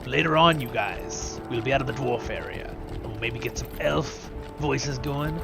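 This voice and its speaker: Chatty Scottish man with a gravelly voice. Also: mid-range voice, moderate pace. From Scotland. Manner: chatty, off-the-cuff, self-deprecating. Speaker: host. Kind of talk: casual let's-play commentary. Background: game music.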